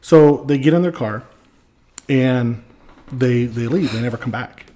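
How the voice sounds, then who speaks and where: Male podcast guest, mid-pitched, spins an animated yarn and acts out every quote. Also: a little slow. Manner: animated, acts out quoted lines with swearing and laughs. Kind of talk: casual storytelling.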